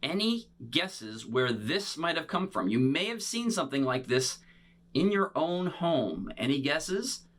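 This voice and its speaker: Man, children's bubble performer, playful, interactive kids' show, bright tone, slightly higher pitch. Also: measured pace. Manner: playful, talks to unseen young audience; animated and showy.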